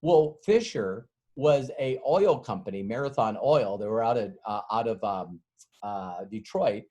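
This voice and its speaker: A man's voice: fairly low pitch, lively intonation, a little slow, dark tone. A middle-aged man giving a casual sales training talk, telling a rambling, folksy story and acting out the dialogue. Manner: rambling, folksy, laughs often, acts out dialogue.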